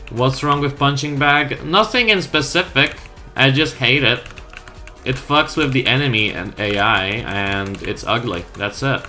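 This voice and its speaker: A woman's voice: a bass voice, sharp tone. A woman streamer chatting casually over gameplay, sweary and wry, often mocking herself.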